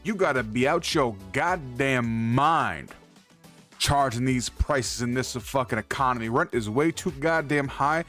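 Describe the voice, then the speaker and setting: A man's voice: medium pitch, unhurried, a bit bright, soft background music. A man streaming from home, ranting heatedly about card pack prices, swearing constantly and repeating himself as he gets worked up. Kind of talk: profane heated rant to stream chat. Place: indoor streaming setup.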